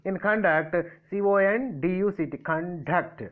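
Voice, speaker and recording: A man with an Indian English accent teaching an English grammar lesson, halting and full of fillers. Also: sits high. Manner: slow, halting delivery with many fillers. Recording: tinny phone-like audio.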